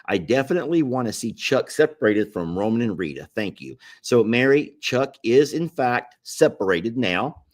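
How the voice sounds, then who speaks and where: A man's voice: mid-range voice, lively intonation, moderate pace, few pauses. A middle-aged man hosting a casual livestream and reading viewer comments aloud, in an easygoing drawl. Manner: easygoing drawl, laughs easily. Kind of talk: casual live chat.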